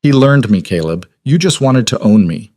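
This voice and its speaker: A man voicing a desperate young noblewoman in an audiobook romance, earnest and steady. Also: on the low side, normal speed, dry recording, studio quality. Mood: resolute.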